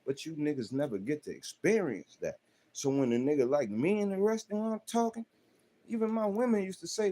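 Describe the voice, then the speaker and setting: A man's voice: on the high side, expressive, a little fast, warm tone. Profane, confrontational man ranting with AAVE. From South Central Los Angeles. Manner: profane, confrontational, rhetorical questions. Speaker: livestream host. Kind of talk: ranting monologue to chat.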